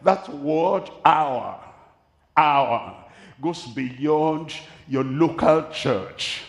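A man with a Nigerian accent preaching a sermon at a large crusade, speaking slowly and deliberately, repeating his key phrases. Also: fairly high pitch, animated. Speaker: pastor. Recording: echoey hall, voice from a distance.

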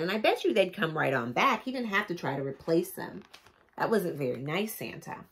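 A woman's voice: fairly low pitch, brisk. A woman vlogger reading a picture book aloud with chatty, joking asides. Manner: animated, chatty asides, laughs at own jokes.

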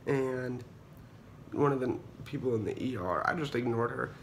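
A young man, sick and waiting on kidney surgery, vents dramatically on a casual hospital-room phone vlog, swearing and peppering his speech with "like." He talks at a moderate pace in a gravelly, mid-range voice thick with fry, while a faint room hum sits in the background.

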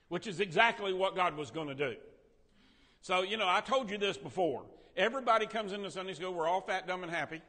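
A man's voice: high-pitched, normal speed. A man teaching a Bible lesson to a Sunday school class in a church room, quizzing the class and joking as he goes. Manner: animated, quizzes and jokes with the class. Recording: reverberant room.

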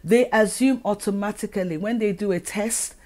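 On her own advice vlog, a middle-aged woman from Africa addresses the camera earnestly, posing rhetorical question after rhetorical question. Her voice is mid-range and darkish, and she moves at a moderate pace as host and educator.

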